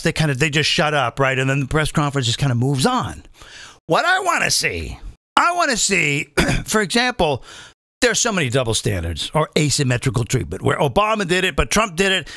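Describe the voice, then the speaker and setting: A middle-aged man, a comedian hosting his own show, delivering an animated, profane, sarcastic comedic rant. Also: a little high, brisk, dry recording, studio quality. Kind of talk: ranting comedic monologue.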